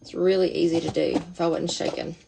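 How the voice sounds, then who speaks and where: Chatty woman with a gravelly low voice. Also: flat delivery, brisk, noisy background. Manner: chatty, self-interrupting, thinking aloud. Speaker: makeup seller demonstrating products. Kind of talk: casual makeup tutorial.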